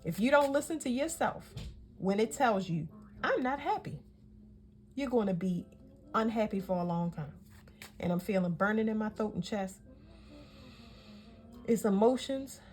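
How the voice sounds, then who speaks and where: A woman's voice: mid-range voice, measured pace, long pauses, darkish tone. A woman giving a casual tarot reading, talking in a chatty, emphatic way and often correcting herself mid-sentence. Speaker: tarot reader.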